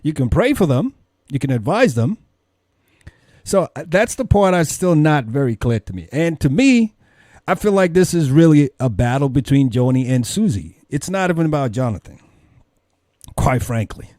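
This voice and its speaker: Male commentary host, preachy and questioning, warm dark voice, dry recording. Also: a little high, very animated, normal speed, no room sound. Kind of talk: religious commentary.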